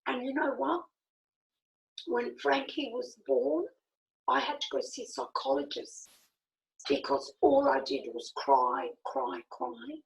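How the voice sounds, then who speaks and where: A middle-aged woman tells a personal story with lively energy, acting out both sides of the conversation. Her voice sits high. A gravelly fry runs through it. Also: slow pace, low-quality recording. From Italy. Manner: animated, acts out quoted dialogue, laughs often. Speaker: speaker.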